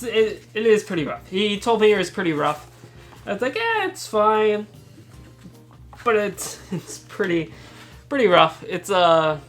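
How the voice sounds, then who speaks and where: A woman with a fairly low voice hosts a casual haul vlog, showing off her thrift finds. She talks in a chatty, rambling way, laughs often and restarts her words. Faint music plays behind her. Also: a bit bright.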